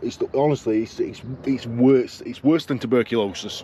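A man's voice: mid-range voice, moderate pace, hardly any pauses, dark tone, slight background noise. A man with a Yorkshire accent, a truck driver vlogging from his cab, ranting and swearing in comic exasperation. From Yorkshire, England. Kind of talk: casual vlog.

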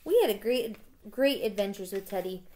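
A woman's voice: mid-range voice, expressive, moderate pace, mellow, natural voice. A woman voicing a chatty little girl. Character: upbeat curious young girl.

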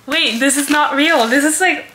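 Gushing young woman, bright voice. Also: sits high, moderate pace, slight background noise. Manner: gushing, giggly, says "oh my god" often. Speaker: vlogger. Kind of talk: casual unboxing vlog.

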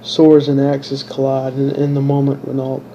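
A man reads his own story in a flat, unvarying voice with a dark, mellow tone. He stumbles and restarts words as he goes. The recording is dull and lo-fi with a faint hiss behind it. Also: medium pitch, normal speed. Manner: monotone reading with stumbles and restarts. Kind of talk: unpolished audiobook narration.

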